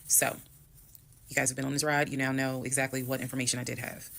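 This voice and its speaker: Gravelly woman rattling off a storytime fast, calm and blunt, talking straight to followers. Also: rumbling low. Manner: calm, measured retelling with blunt language. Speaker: storytime creator.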